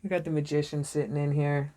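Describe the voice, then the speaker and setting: Excitable woman doing a tarot reading. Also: sits low, quick pace. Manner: excitable, swearing, jokey storytelling. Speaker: tarot reader. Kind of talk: casual tarot reading to camera.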